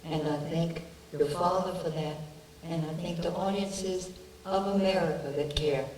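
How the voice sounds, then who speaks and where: A woman's voice: lowish voice, fairly even intonation, measured pace, darkish tone, roomy sound, far from the mic, slight background noise, rough recording. A woman, an actress joining a film Q&A remotely, giving a heartfelt, earnest and emphatic speech. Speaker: actress guest on a remote video link.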